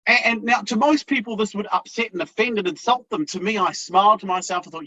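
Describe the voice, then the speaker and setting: A man teaches sales in a frank, conversational way, tossing in "yeah?" and the occasional swear word. His voice sits slightly high for a man and has a bright, forceful edge. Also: fast, few pauses, lo-fi sound. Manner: blunt, conversational, frequent "yeah?" check-ins, occasional swearing. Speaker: sales trainer. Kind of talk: sales training talk.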